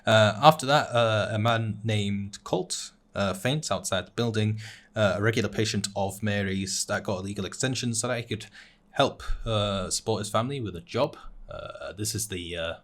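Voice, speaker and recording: A young man with a fairly low voice chats casually on an anime talk show. He recaps plot points in a loose, rambling way, full of "uh"s and restarts. He often chuckles at his own jokes. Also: normal speed, fairly bright tone. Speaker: podcast co-host recapping anime episodes. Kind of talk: casual chat.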